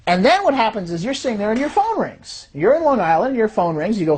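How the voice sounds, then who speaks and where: A woman who designs fraud detection systems, giving an explanatory talk in a lively way and acting out the voices she quotes. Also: mid-range voice, fast, breathy edge.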